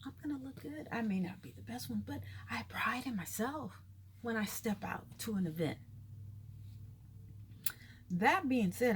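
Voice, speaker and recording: A woman in her fifties giving an indignant, animated commentary to her followers, sometimes dropping to a whisper for asides. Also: medium pitch, slight background noise. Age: 50s. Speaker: vlogger. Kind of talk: casual commentary monologue.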